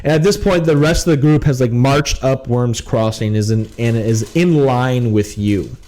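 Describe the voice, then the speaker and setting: A man's voice: mid-range voice, normal speed, mellow, low-quality recording. A man narrating as game master, rambling with many fillers. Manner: rambling, lots of "like".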